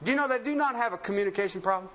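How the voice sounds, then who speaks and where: A man preaching a sermon, asking rhetorical questions and swinging between emphatic highs and low murmurs, laughing often. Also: racing, a bit bright.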